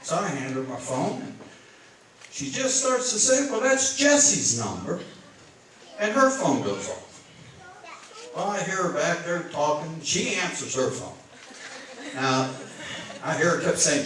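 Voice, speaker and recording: A man's voice: a little high, big pitch swings, unhurried, a bit bright. A middle-aged man giving a wedding toast as father of the bride, telling a story in plain, folksy country talk. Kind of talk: wedding speech. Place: wedding reception hall. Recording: echoey hall from far off, crowd noise. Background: wedding guests laughing.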